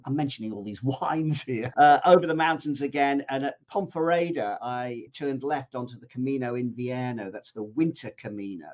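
An older man from southern England, an author and TV presenter, telling a travel story with exuberant, animated energy and quaint exclamations. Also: medium pitch, dull audio. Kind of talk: enthusiastic storytelling talk.

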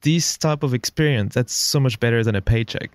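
A man's voice: medium pitch, fairly quick, dry recording. A man hosting a podcast interview, chatting casually and laughing often. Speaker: podcast host.

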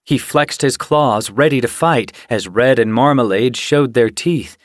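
A man reading an audiobook in scripted, measured narration. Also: medium pitch, no room sound, clean studio sound. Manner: measured, unhurried storytelling.

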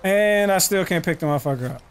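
A man giving casual, profane let's-play commentary, talking to himself and to the game and breaking into loud excited yells. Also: high-pitched, fast talker, slight background noise. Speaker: gaming channel host.

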